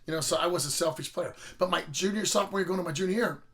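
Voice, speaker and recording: A man's voice: high voice, very fast, a bit bright. A middle-aged man casually telling rambling, profane stories about his school football days. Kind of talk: casual storytelling.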